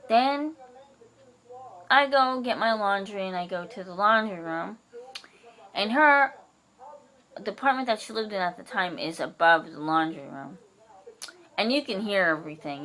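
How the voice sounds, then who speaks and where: A woman venting in a casual vlog, blunt and heated, swearing and acting out her own sharp retorts. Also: medium pitch. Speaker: vlogger.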